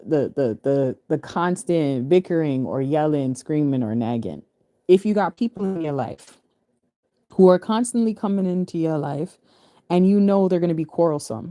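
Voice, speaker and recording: A woman with a low, very mellow voice talks through scripture in a relaxed, chatty way. She reads a verse, then wanders into loose asides, restarting phrases and laughing easily. Her voice sits close and dry, with no room sound around it. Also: no echo. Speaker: spiritual reader. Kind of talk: casual scripture reading and commentary.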